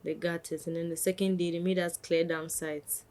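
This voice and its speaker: A young woman, a podcast guest telling a lively story and acting out what others said. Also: lowish voice, normal speed. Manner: animated, acts out quotes of others. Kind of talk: casual storytelling.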